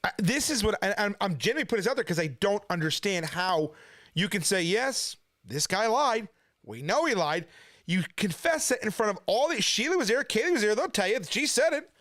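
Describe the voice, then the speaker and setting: A man with a high, animated voice rants indignantly from his kitchen at home. He keeps firing rhetorical questions in a loose, unscripted commentary. The sound is close and dry. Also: fast talker, dry recording. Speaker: preacher and channel host. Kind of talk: casual ranting commentary.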